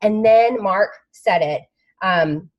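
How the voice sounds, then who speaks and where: A woman's voice: mid-range voice, slow, dull audio. A woman who shares an emotional, rambling conference recap on a video call. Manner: emotional, rambling, with many fillers. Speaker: team member sharing a conference recap.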